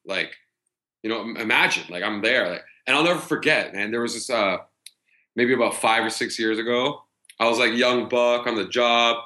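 A man in his thirties, a podcast guest, telling stories in a loose, profane, animated way, full of fillers and restarts. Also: mid-range voice, moderate pace. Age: 30s. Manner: heavy filler words and restarts. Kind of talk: casual storytelling chat.

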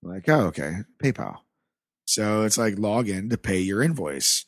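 In studio-quality audio with no room sound, a fairly low-voiced man speaking at normal speed tells a story from his life as a podcast guest. He's from the American Rust Belt, and he stays animated, swearing freely and acting out the conversations.

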